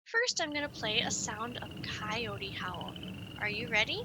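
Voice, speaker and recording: A woman giving a lively, sing-song nature lesson to young children while playing a coyote mascot. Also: fairly high pitch, unhurried, background noise. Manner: animated, sing-song, speaks straight to children.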